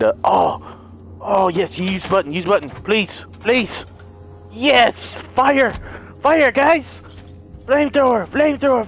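A young man giving let's play commentary, excitable and panicky, swearing and laughing often. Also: medium pitch, a little hiss or hum. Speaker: gaming YouTuber. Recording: game music playing behind.

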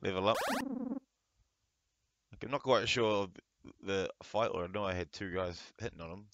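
A man's voice: low voice, moderate pace, fairly bright tone, dull audio. A man giving casual let's-play commentary, reading game text aloud and exclaiming as he plays. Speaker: gameplay video host. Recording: game music playing behind the voice.

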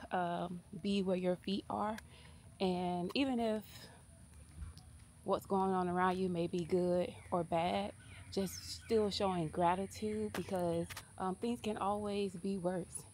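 A woman's voice: on the low side, a little mellow, a little hiss or hum. Chatty woman vlogging on a walk. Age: 30s. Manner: chatty and candid, addresses viewers as y'all. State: slightly out of breath from walking. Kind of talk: casual chat to camera while walking. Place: outdoors on a morning walk.

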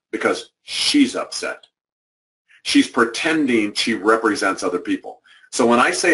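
A man leads a training session, driving his points home through repetition in a direct, conversational way. His voice sits low and sounds distant, as if picked up from far across a conference hall. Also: animated, moderate pace, pushed and bright. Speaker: workshop presenter. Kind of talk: motivational training talk. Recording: distant microphone.

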